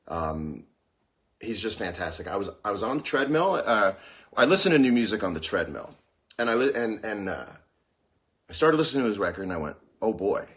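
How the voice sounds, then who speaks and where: A man hosting a casual livestream, rambling and joking through a monologue with a sore mouth. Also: lowish voice. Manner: rambling, jokey and animated. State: sore mouth after dental problem. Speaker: host. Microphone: phone.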